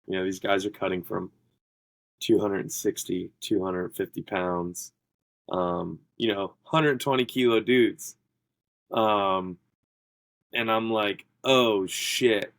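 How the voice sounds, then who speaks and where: A man's voice: low voice, steady tone, slow pace, pauses often, no echo, poor audio. A man who is a strongman athlete, guesting on a podcast and telling stories casually, full of fillers and quoting what people said to him. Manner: rambling, filler-heavy, quotes people in his stories. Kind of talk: casual interview storytelling.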